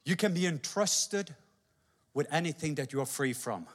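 A man preaching a sermon with animated, dramatic storytelling, acting out voices as he goes. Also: fairly high pitch, moderate pace, in a large hall.

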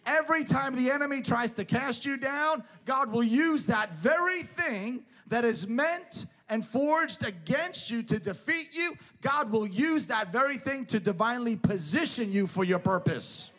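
A man's voice: extremely high pitch, expressive, measured pace, hardly any pauses, a bit bright. A man preaching a sermon, emphatic, building his points through repeated parallel phrases.

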